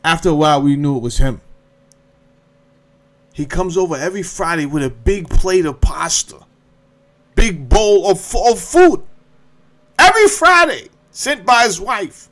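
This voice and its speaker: A man's voice: a little high, a little slow, pauses often. A man hosting a podcast, telling a comedic story with lots of profanity and acted-out quotes. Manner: profane, animated, acts out quotes. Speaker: podcast host.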